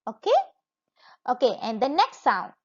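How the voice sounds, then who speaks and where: A kindergarten teacher with a Malaysian accent leads a lesson for young children, her fairly high voice swinging widely in pitch at an unhurried pace. She coaxes the kids along in a sing-song way, imitating the sounds of animals and objects. The recording is dull and lo-fi.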